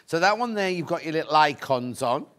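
A man's voice: on the high side, expressive, brisk, a bit bright. A man presenting fabrics on a live shopping show, chatty and effusive, thinking aloud as he goes. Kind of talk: live product demonstration.

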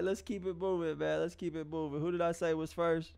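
A man with a high-pitched voice hosts a live music review stream, chatting casually with his audience. He talks in a loose, encouraging way, full of slang, restarts and hummed pauses. The sound is dry and close. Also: flat delivery, creaky, a little mellow, smooth, dry recording. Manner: loose, repetitive, restarts and drawn-out hums; encouraging, street-casual address to viewers. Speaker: livestream music review host.

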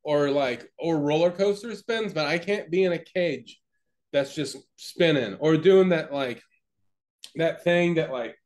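A man's voice: fairly high pitch, measured pace, darkish tone. A young man co-hosting a podcast, telling a story in casual chat with many fillers, restarts and swearing. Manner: rambling, profane, lots of fillers and restarts. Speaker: podcast co-host.

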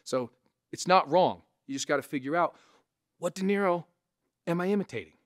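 A man's voice: fairly high pitch, normal speed. Chatty man teaching impressions. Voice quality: resonant voice. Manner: animated, conversational, frequent "right?" asides. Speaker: comedian and impressionist. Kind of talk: casual instructional talk to camera.

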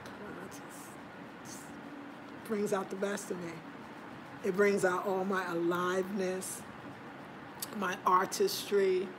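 A woman hosting a casual livestream from home, chatting and reading out viewer comments in an animated, talkative way. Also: medium pitch, slow pace, pauses often, noisy background. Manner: animated, chatty, breaks into laughter. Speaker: livestream host.

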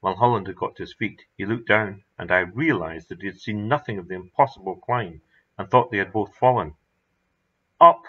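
A man reading his own horror story aloud in a measured, dramatic narration. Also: fairly low pitch, fairly bright tone, slightly rough. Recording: dull lo-fi recording.

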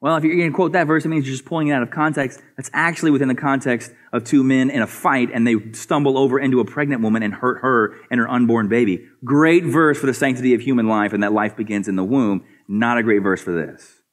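Man, pastor, sermon, earnest, rhetorical questions, mid-pitched voice, shifts between soft low asides and raised emphatic passages. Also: fairly even intonation, fast talker, hardly any pauses. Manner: earnest preaching with rhetorical questions and repeated words.

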